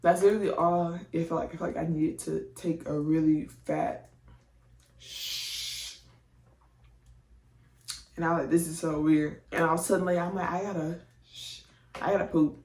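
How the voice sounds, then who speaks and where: A woman's voice: deep voice, fairly even intonation, normal speed, long pauses, darkish tone. Chatty woman in an echoey room. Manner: chatty, slangy, acts out her own reactions. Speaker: vlogger telling a birth story. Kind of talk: casual storytelling. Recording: echoey room, distant from mic.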